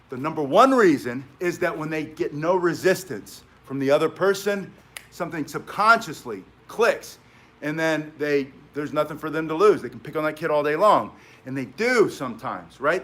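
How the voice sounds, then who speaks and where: A man's voice: fairly high pitch, a bit bright. A middle-aged man teaching self-defense, talking casually with chatty asides and frequent "right?" tags. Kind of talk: casual instructional talk.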